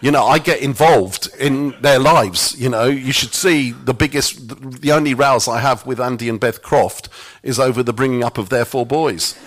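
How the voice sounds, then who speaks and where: Brief: middle-aged man, church speaker, wry self-mocking storyteller, mid-pitched voice. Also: normal speed, a bit bright. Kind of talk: anecdotal sermon talk.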